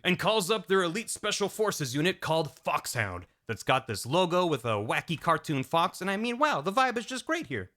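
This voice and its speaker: A man narrating a scripted comedic recap with wry, animated storytelling. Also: fairly high pitch.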